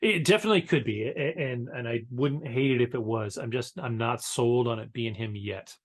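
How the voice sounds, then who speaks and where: A man's voice: medium pitch, brisk. A man co-hosting a podcast in casual chat, hesitant with many fillers. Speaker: podcast co-host.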